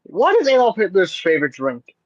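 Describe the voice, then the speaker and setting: A man's voice: sits high, wildly swooping pitch, a little fast, dry recording, muffled recording. A man guesting on a livestream, chatting casually and telling crude jokes. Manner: joking, tells crude jokes.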